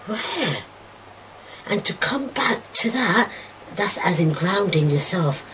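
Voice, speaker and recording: Middle-aged woman, low voice, raw and emotional personal account, jumps from shouting to whispering, faint background hiss. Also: lively intonation, a little slow, rough recording. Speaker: mother telling her daughter her story.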